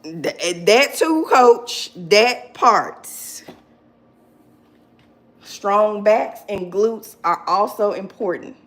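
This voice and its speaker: A woman in her forties hosting a casual live chat, who laughs often and answers viewers by name. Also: mid-range voice. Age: 40s.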